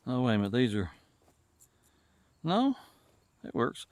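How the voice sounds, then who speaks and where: A man's voice: medium pitch, wildly swooping pitch, a little slow, darkish tone, no room sound. A man with a Southern US accent, talking casually to the camera while fixing an old truck in a garage and thinking aloud as he works. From Tennessee. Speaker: channel host and mechanic.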